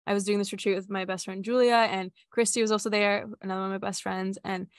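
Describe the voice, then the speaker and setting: A woman's voice: medium pitch, little pitch movement, fast talker. A young woman who runs retreats shares a personal story in an open, chatty way, leaning on "like" and dropping casual swears. Her voice sits in a middle register. The sound is close and dry, with no room echo. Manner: candid, filler-heavy with frequent "like", swears casually. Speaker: retreat facilitator.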